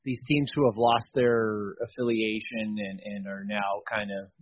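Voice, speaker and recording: A man's voice: lowish voice, little pitch movement, measured pace, breathy edge, muffled recording. A man co-hosting a radio show, easygoing and a little hesitant. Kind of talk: casual radio chat.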